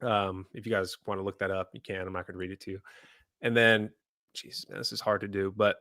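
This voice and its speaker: A young man co-hosting a podcast, chatting casually and a little self-consciously. His volume jumps between loud bursts and mumbles. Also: deep voice, level tone, quick pace, dry recording, clean studio sound. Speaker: podcast co-host. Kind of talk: casual chat.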